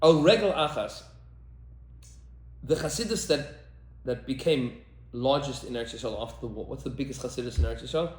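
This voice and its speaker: In an echoey room, a male rabbi and teacher talks briskly in a mid-range voice during a podcast discussion. He's emphatic, repeats lines for effect, and sprinkles in Hebrew terms.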